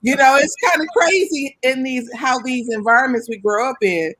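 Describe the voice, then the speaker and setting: A woman on a panel who tells animated stories on a video call, laughing often. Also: sits high, normal speed. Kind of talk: panel discussion.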